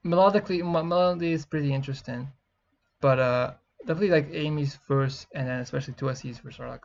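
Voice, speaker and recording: A young man giving rambling, excitable music reaction commentary, swearing often and filling pauses with "uh" and "like". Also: fairly high pitch, creaky. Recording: dull lo-fi mic with faint music. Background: faint music playing.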